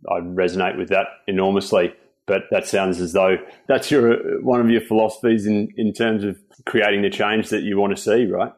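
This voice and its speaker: A man hosting a podcast interview, asking measured, thoughtful questions with pauses mid-sentence. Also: on the low side, fairly even intonation.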